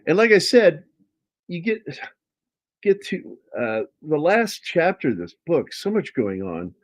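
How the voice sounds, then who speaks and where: A man's voice: on the high side, very animated, unhurried. A middle-aged man, a comic artist, chatting casually about his work in a rambling way, with frequent restarts and casual swearing. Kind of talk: casual chat.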